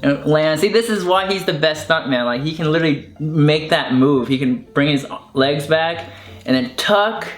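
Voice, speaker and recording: A young online video creator with a fairly high voice, speaking at normal speed, enthusiastically shows off his childhood toys in a casual chat. He rambles, using lots of fillers, in an echoey room with faint music.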